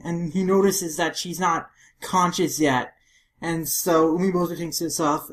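A woman's voice: fairly low pitch, a little slow. A woman co-hosting a podcast, eagerly retelling comic scenes in casual chat. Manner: enthusiastic, animated retelling. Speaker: podcast co-host.

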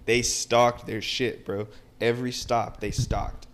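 A man's voice: medium pitch, flat delivery, slow, slight background noise. A man co-hosting a casual podcast, talking in an emphatic, slangy way and repeating himself for effect. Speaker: podcast co-host. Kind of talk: casual chat.

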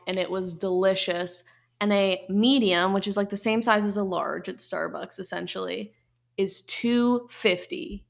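A woman's voice: mid-range voice, vocal fry, a bit bright. A young woman co-hosting a podcast, chatting casually with a wry, drawling manner. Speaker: podcast co-host. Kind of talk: casual chat.

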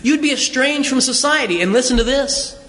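Pastor guy preaching, really high voice, chatty, lots of questions and restarts, big reverby church. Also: normal speed, sharp tone. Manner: conversational preaching with rhetorical questions and repeated words. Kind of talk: sermon.

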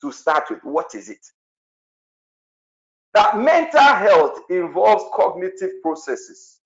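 A man's voice: on the high side, sing-song, takes it slowly. A man preaching with passion, exclaiming and praying in tongues. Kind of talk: sermon with prayer. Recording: echoey, dull lo-fi room sound.

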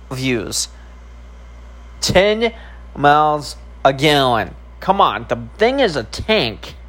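A man's voice: fairly high pitch, a bit bright. A man streaming and vlogging, talking casually to camera in a rambling, profane way with many filler ums.

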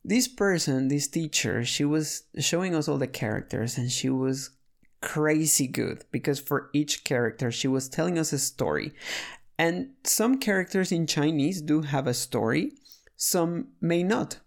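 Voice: mid-range voice, expressive, measured pace. A speaker casually telling a story about learning a language, chatty and full of restarts and fillers.

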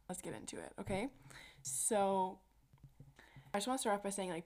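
A young woman hosts her solo podcast in a loose, rambling chat, full of "like" and casual swearing. Her voice has a soft, warm, mellow tone at an ordinary middle pitch. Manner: chatty and rambling, heavy use of "like", casual swearing. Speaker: podcast host.

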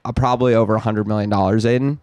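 A man's voice: lowish voice, fairly even intonation, racing, darkish tone, clear, resonant tone, no room sound. A man hosting a comedy podcast, telling a rambling, self-mocking story in casual chat.

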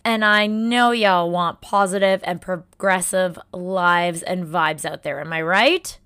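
A woman hosting her own podcast as a life coach, talking in an energetic, cheerleading way with rallying questions to her listeners. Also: mid-range voice, smooth, no echo, clean studio sound. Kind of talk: upbeat motivational podcast monologue.

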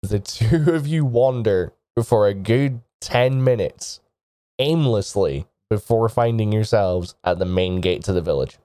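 Slow-talking male game master, halting, dry close sound. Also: lowish voice, dark tone, dry recording. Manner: halting, with many restarts and laughs. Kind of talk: narrating a tabletop game.

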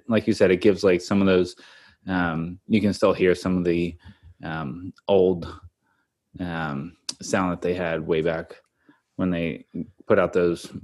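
Hesitant man with a deep voice. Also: darkish tone. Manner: hesitant, many ums. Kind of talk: casual chat. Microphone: video call.

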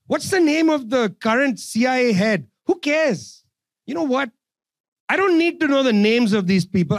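A man delivers an impassioned political speech, sarcastic and emphatic, hammering his points home by repeating phrases. His voice is very high, recorded in clean studio sound with no room sound.

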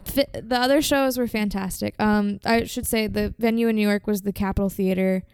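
A woman's voice: mid-range voice, fairly even intonation, fairly quick, darkish tone, clean tone, dry recording. A young woman co-hosting a podcast, chatting casually and telling stories with lots of filler words. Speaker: podcast co-host. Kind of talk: casual chat.

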